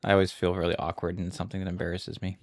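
A man's voice: sits low, monotone, racing. A young adult man co-hosting a podcast, talking casually and joking, a bit self-conscious. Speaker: podcast co-host. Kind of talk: casual chat.

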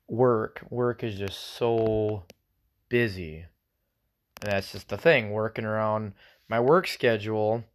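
A man hosting his own podcast in a loose, rambling chat, swearing freely and thinking out loud in a self-conscious way. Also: medium pitch. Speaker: solo podcast host. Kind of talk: casual solo podcast chat.

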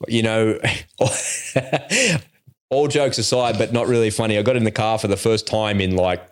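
Australian man, podcast host, middle-aged, slightly low voice, relaxed, laughs a lot, casual chat. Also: brisk, clear, resonant tone. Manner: laid-back, laughs often, slangy.

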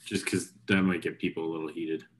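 A man's voice: very deep voice, flat delivery, fairly quick, slight background noise. A man co-hosting a podcast, dropping short, dry remarks in casual chat. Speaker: podcast co-host.

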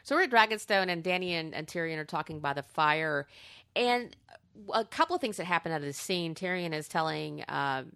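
A woman's voice: low-pitched, brisk, gravelly, clear, resonant tone, no room sound, studio quality. A woman co-hosting a podcast, recapping a TV episode in casual chat and acting out the quotes. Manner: animated retelling with acted-out quotes. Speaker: podcast co-host.

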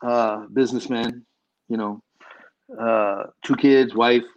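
A filmmaker guest chatting casually in an interview, rambling through animated stories with lots of restarts. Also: male voice, mid-range voice, takes it slowly, highs cut off, a little hiss or hum.

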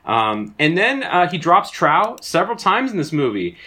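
A man's voice: fairly high pitch, very animated, moderate pace, pushed and bright. A man co-hosting a casual movie podcast, talking with dry, jokey asides. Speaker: podcast co-host.

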